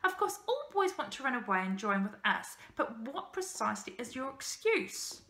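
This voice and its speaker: A woman's voice: on the high side, big pitch swings, moderate pace, a bit bright, reverberant. A woman voicing a tall, pale, commanding male ship captain who speaks curtly and stays in charge. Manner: curt, in charge.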